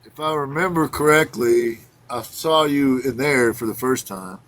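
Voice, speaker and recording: A man's voice: medium pitch, unhurried, a bit bright, low-quality recording. A man hosting a casual interview, easygoing and agreeable as he shares his own experiences.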